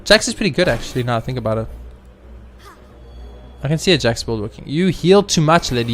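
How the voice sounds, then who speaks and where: A man with a mid-range voice hosts a let's play video, talking fairly quickly with long pauses over slight background noise. He is excitable, commenting casually on the game, cheering, swearing and addressing the enemies directly.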